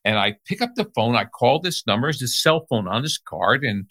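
Bright, animated male sales trainer. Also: mid-range voice, fairly quick. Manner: animated, emphatic storyteller. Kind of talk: storytelling interview answer.

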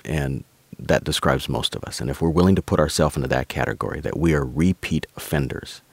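Man, very low bass voice, dry; pastor-author guest who unpacks scripture calmly. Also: gravelly, husky, no room sound. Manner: measured, explains scripture by quoting verses. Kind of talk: conversational podcast talk.

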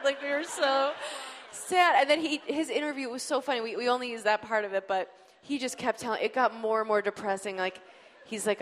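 A woman on a comedy panel telling stories in a lively, casual way, laughing through her lines. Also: fairly high pitch, normal speed, in a large hall, slight background noise. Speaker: comedy show co-creator and street interviewer.

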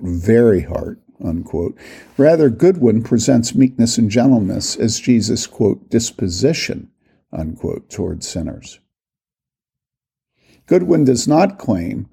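A man reading aloud a critique of a theology book, slowly reading out long quotations and marking each quote. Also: fairly low pitch, creaky, warm tone, breathy edge. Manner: reads quotations slowly and deliberately, voicing each quote mark.

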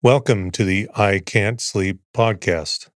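A man hosting a sleep podcast, reading an article aloud in a soothing, even way to bore listeners to sleep. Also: lowish voice, slow pace, no echo, clean studio sound. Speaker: podcast host.

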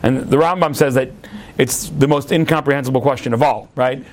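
A man teaching a class as a rabbi, explaining ideas with lively, acted-out sports stories. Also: mid-range voice, brisk. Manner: lively storyteller, acts out yelling at a TV.

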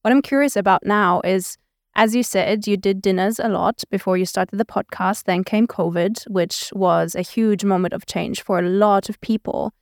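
A woman's voice: mid-range voice, steady tone, moderate pace, no room sound, studio quality. Curious woman interviewer. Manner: affirming, curious questioner. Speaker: guest interviewer. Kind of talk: casual conversational interview.

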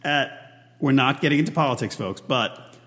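A man's voice: mid-range voice, moderate pace, fairly bright tone. A man hosting a podcast in casual chat, giggling and tripping over his words. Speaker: podcast host. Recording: echoey room with long reverb.

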